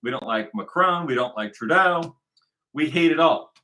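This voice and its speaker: A man's voice: on the high side, lively intonation, moderate pace, pushed and bright. An American man from the United States giving sarcastic, rambling commentary on news clips and often repeating phrases.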